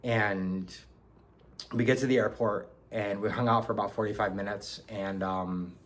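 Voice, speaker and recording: A man's voice: lowish voice, fairly even intonation, moderate pace, a bit bright. A young man from New York telling a personal story in a casual, hesitant way, with many ums and restarts. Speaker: book reviewer.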